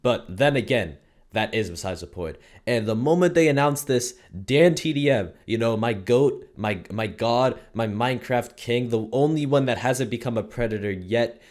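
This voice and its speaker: Young man, casual rant, middle pitch, profane slang, rambling, loud bursts and mutters. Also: animated, moderate pace. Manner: swings between loud outbursts and low mutters. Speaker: commentary streamer.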